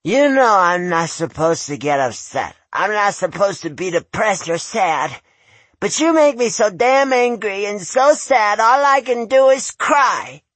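A man's voice: animated, measured pace, fairly bright tone, no room sound, heavily acted. A man voicing a bitter, demanding older mother who whines and slurs her words. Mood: whining. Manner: slurred, shrill and whiny.

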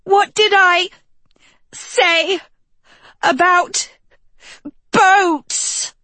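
A woman voicing a vain, dramatic teenage girl who wails in a high squawk. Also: animated, slow pace, a bit bright, dry recording, full character voice. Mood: whiny.

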